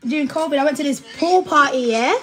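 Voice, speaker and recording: Woman livestreaming, high bright voice, keeps cracking up mid story. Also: quick pace. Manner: laughs often, animated retelling with quoted voices. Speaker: livestream host. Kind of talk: casual storytelling chat.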